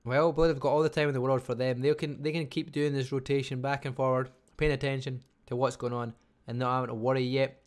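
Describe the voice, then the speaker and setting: A Scottish man casting a live online strategy game match, talking fast and chattily and barely stopping for breath. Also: mid-range voice, little pitch movement. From Scotland. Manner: fast, chatty, talks without pausing. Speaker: game caster. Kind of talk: live esports commentary.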